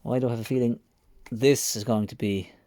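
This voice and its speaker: A man's voice: medium pitch, fairly even intonation, fairly quick, mellow, no room sound. A man working on a motorcycle in a home workshop, muttering to himself as he goes and poking fun at himself, close to the mic. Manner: mutters to himself while working, wry and self-mocking. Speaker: motorcycle restoration vlogger. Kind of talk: casual workshop commentary. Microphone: close mic while hands are busy.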